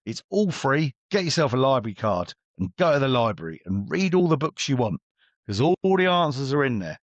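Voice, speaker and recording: A man's voice: mid-range voice, very animated, brisk, no room sound, dull audio. A middle-aged man, a business coach, talking bluntly and chattily as an interview guest and acting out his exchanges with clients.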